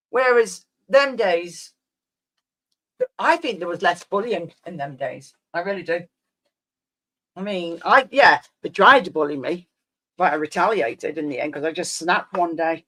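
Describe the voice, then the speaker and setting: A woman's voice: on the low side, lively intonation, measured pace, long pauses, fairly bright tone. A woman in her fifties chats casually to her stream viewers. She rambles and reminisces in an easy, meandering way, and often trails off mid-thought. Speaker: live streamer chatting with viewers. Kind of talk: casual chat.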